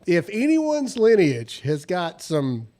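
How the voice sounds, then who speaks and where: A man with a faint Southern accent hosting a casual talk show, animated and riffing. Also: high-pitched, slow pace. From American South. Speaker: podcast host. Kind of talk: casual show chat and live-read ads.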